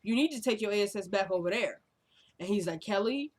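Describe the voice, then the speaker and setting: A young woman casually recaps a TV episode, retelling scenes, acting out the characters' lines and leaning heavily on fillers like "like" and "y'all." Her mid-range voice has a darkish tone and lively intonation at a moderate pace.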